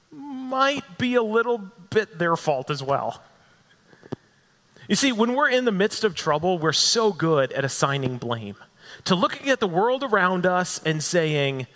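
A man delivers a sermon in a slow, deliberate cadence, his high voice swooping widely up and down as he repeats words for emphasis. The sound rings out with long reverb, as in a large hall. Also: very animated, a bit bright. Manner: dramatic, rising and falling delivery with repetition. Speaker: preacher.

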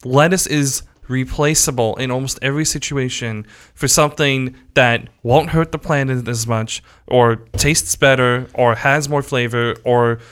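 A man with a mid-range voice talks through his opinion in a casual podcast chat. He explains in a steady, measured way. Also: mid-range voice, clear, resonant tone.

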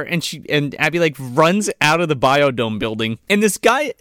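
A man's voice: on the high side, moderate pace, few pauses, no room sound, studio quality. A man co-hosting a podcast, recapping a movie in casual chat, cursing freely and acting out the characters. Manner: animated, profane, acts out characters in silly voices. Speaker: podcast co-host.

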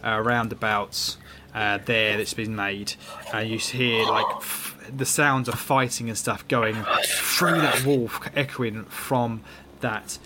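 A man's voice: lowish voice, steady tone, takes it slowly. Guy gm-ing a horror game, rambly and laid back, lots of hiss behind him. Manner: loose, rambling, self-mocking. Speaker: game master. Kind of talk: narrating a tabletop horror game. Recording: noisy background.

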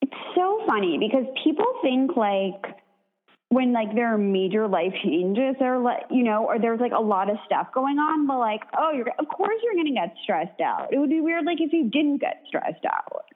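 A woman with a fairly high, animated voice chats and gives her opinions freely, with lots of "like" in her speech. Her pitch jumps around a great deal, and the sound is narrow and phone-like. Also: moderate pace. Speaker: podcast co-host. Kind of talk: casual chat.

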